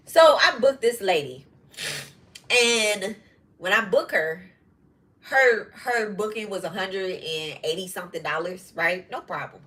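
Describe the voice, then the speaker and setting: A middle-aged woman with a bright, forceful voice talks straight to her viewers in casual podcast chat. She is blunt and profane, with quick asides and laughter. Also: mid-range voice, lively intonation, low-quality recording. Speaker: podcast host.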